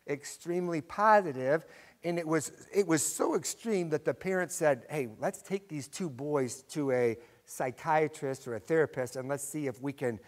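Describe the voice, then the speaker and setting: A middle-aged man teaching a Sunday school class in a slightly high voice. He tells stories with animated energy and repeats his key points, asking the class to read along with him. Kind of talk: Sunday school lesson with storytelling.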